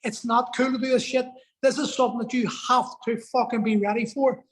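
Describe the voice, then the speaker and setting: A man's voice: very high voice, fairly even intonation, a little fast, slight background noise, low-quality recording. A man telling a personal story as a podcast guest, earnest and emotional, swearing for emphasis.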